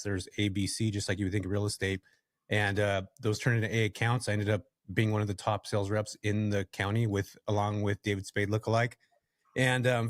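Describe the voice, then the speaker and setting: A man from California, a podcast guest, telling a story from his working life in a casual, animated way and addressing the listeners directly. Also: fairly low pitch, no room sound, clean studio sound. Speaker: podcast guest, real estate investor.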